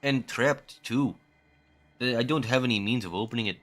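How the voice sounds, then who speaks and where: A man voicing a polite middle-aged male townsman from a video game with a put-on Canadian accent and a low, easygoing delivery. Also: moderate pace, a bit bright, natural voice. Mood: apologetic.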